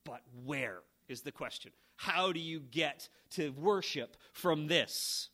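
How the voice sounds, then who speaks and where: Bright-voiced man preaching a sermon. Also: on the high side, slow pace. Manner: emphatic, rising to fervent peaks then dropping quiet. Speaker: pastor.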